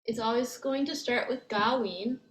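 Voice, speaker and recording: Speaking at a moderate pace in a slightly high voice, a woman patiently walks through grammar step by step, filling her thinking aloud with lots of fillers. Faint noise and echo fill the room.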